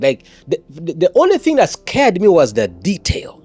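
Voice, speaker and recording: A man's voice: fairly high pitch, wildly swooping pitch, moderate pace, a little mellow, breathy edge, faint music behind. A man, an evangelist telling his personal testimony in an interview, earnest and often repeating words and restarting.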